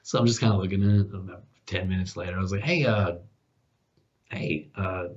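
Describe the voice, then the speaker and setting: A man's voice: sits low, steady tone, brisk, heavy background noise. A man who hosts a podcast, telling casual stories with lots of restarts and fillers, laughing at his own jokes. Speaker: podcast host, guest this episode. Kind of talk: casual storytelling chat. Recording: dull lo-fi sound.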